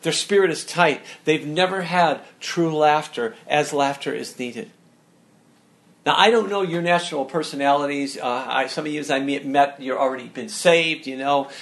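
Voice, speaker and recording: A man's voice: mid-range voice, vocal fry. A man preaching a sermon, emphatic and earnest, often restarting his words as he presses a point. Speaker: pastor.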